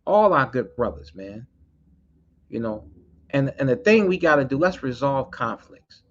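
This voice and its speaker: A man's voice: mid-range voice, big pitch swings, unhurried. Fiery preaching man, lo-fi recording. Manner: fiery, preaching, repeats key lines for emphasis; blunt, swears freely. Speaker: community activist addressing street groups. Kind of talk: impassioned spoken address. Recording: dull lo-fi recording.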